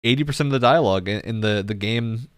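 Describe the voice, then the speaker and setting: A man hosting a casual gaming news chat, relaxed and chatty with frequent laughs. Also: medium pitch, fast, no room sound, clean studio sound. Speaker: podcast host.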